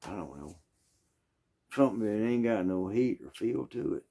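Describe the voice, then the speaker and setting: A man with a Southern US accent telling a rambling, folksy story full of asides and throat-clearing. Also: on the low side, animated, moderate pace, warm tone. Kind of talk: casual storytelling.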